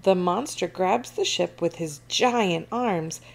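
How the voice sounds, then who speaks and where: A woman reading a children's picture book aloud in an expressive, animated way. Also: on the low side, takes it slowly, vocal fry. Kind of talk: storybook read-aloud.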